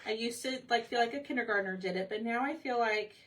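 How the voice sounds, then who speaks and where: A chatty woman talks casually to viewers while she paints. Her voice is fairly high and bright, picked up a little off-mic, with faint room noise behind her. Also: quick pace, distant mic. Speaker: craft livestream host. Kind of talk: casual live craft chat.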